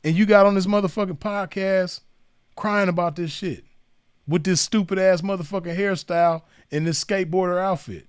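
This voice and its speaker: A man's voice: high-pitched, steady tone, moderate pace, smooth, no echo, clean studio sound. Laid-back man mocking in street slang. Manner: laid-back, mocking, repeats "man" and "you know what I mean". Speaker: commentator. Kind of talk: casual mocking monologue to the camera.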